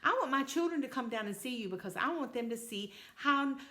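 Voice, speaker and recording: Woman voicing mother toad, cheerful, earnest, high-pitched, sing-song, children's story. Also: animated, fast talker, bright, forceful tone. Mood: eager.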